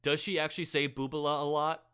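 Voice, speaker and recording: A man's voice: on the high side, level tone, fast talker, sharp tone, smooth. A man hosting a casual interview, chatty and friendly in his questions. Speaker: podcast host.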